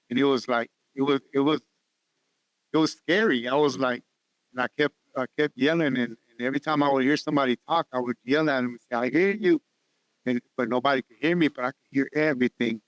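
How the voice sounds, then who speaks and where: Smooth-voiced man telling his story. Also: mid-range voice, steady tone, a bit bright, dry recording. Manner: halting, repeats words, earnest storytelling. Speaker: guest sharing testimony. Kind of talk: personal testimony in conversation. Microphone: podcast studio mic.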